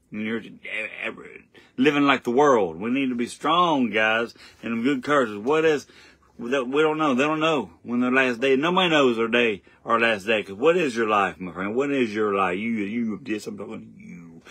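A young man preaching an informal home sermon, earnest and repetitive, often stumbling and restarting, rising louder when he reads scripture. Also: fairly low pitch, dry recording. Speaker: lay preacher.

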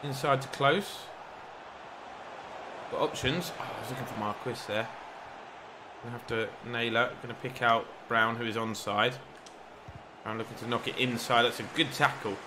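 A young man giving lively commentary over his own football video game, getting loud at big chances. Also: medium pitch, moderate pace, long pauses, background noise. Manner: excitable, shouts at big chances. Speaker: gaming YouTuber. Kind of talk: live gameplay commentary.

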